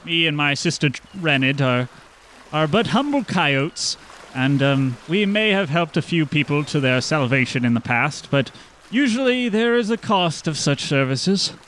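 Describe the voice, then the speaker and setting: A man's voice: a little high, animated, unhurried, fairly bright tone, slight background noise. A man voicing a tall, imperious half-elf smuggler who talks in a formal, wheedling way. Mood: smooth.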